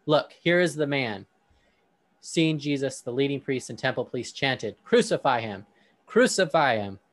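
A man hosting a discussion, reading a scripture passage aloud with emphasis on quoted speech, then talking casually. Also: mid-range voice. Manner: reads with emphasis on quoted lines.

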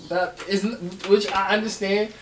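A man's voice: high voice, level tone, a little slow, far from the mic. A man chiming in with short remarks in casual chat, laughing often. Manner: short interjections, laughs a lot. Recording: roomy, off-mic with faint noise.

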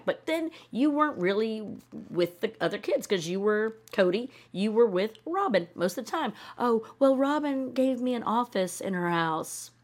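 A woman hosting a podcast, ranting in casual reaction commentary, sarcastic and opinionated, swearing freely and mimicking people in mocking voices. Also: medium pitch. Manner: animated, often acts out mocking voices. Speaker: podcast host reacting to a TV show.

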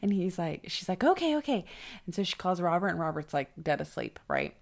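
A young woman co-hosting a podcast tells stories in casual conversation, animatedly acting out the people she quotes. Her voice is low and gravelly, and she talks fairly quickly.

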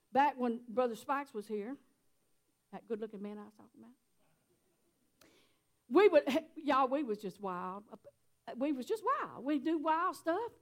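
High-voiced folksy woman preaching. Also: fairly bright tone. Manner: folksy, chatty, laughs often. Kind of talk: sermon.

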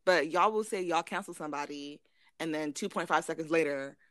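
A woman's voice: low voice, a little fast, dry recording. A young woman co-hosting a podcast, talking bluntly and emphatically in a casual chat, swearing freely. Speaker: podcast co-host.

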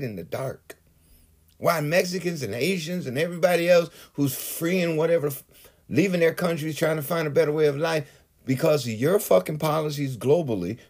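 A man launches into a heated political rant on his own vlog, swearing often and building into outbursts as a political commentator. His voice is on the high side, gravelly and a little mellow, with a breathy edge.

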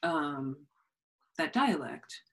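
Woman podcast host, low voice, thinks out loud, lots of likes and you knows. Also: big pitch swings, very slow, a little hiss or hum. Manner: thoughtful, hesitant, many fillers. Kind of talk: casual interview chat.

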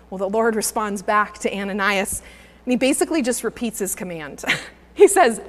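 Woman preacher, fairly high voice, earnest sermon delivery with emphatic repeats, long reverb of a big room. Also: normal speed. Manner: earnest, builds to emphatic repetition. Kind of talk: sermon with scripture reading.

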